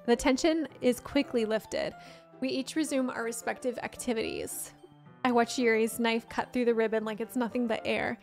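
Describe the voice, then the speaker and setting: A young woman streams a visual novel game and reads it aloud. Her voice sits fairly high. She keeps the reading quick and playful. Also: fairly even intonation, gravelly, soft background music.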